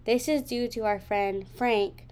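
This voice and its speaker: A woman's voice: fairly high pitch, fairly even intonation, slow pace, darkish tone, clean tone. Young woman narrating wryly. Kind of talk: scripted narration.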